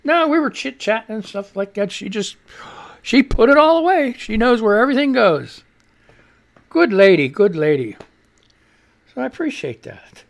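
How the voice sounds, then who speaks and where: This radio show host, a man in his sixties, chats casually and profanely on a live stream and reads out viewer tweets, rambling and laughing at himself. His voice is extremely high and sing-song, with vocal fry, at a moderate pace.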